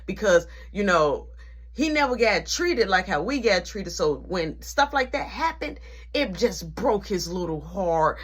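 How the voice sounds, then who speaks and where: A young man telling a family story in casual speech, animated and dramatic. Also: high-pitched, measured pace, breathy edge. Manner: animated, dramatic, switches voices.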